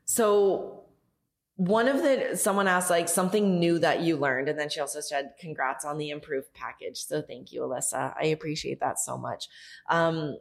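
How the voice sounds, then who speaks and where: A woman's voice: deep voice, normal speed, creaky. A young woman hosting a podcast, talking candidly in a casual monologue, swearing freely and saying "like" a lot. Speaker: podcast host.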